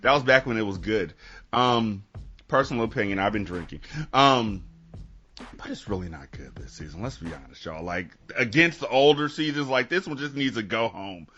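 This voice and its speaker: A man hosting a podcast, telling a story in casual chat, animated and swearing, laughing between lines. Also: fairly low pitch, moderate pace, muffled recording. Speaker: podcast host.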